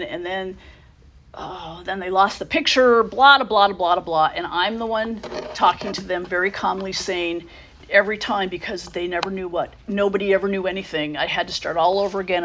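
Low gravelly woman sharing her story. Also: fairly bright tone, slight background noise. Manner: halting, many fillers and restarts. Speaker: speaker sharing at a recovery meeting. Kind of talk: personal sharing.

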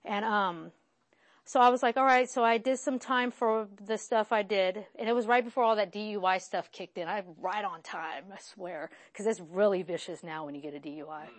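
A woman's voice: mid-range voice, moderate pace. A woman in her thirties, from West Virginia, telling her own recovery story in a frank, rambling, self-deprecating way. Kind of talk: candid personal testimony.

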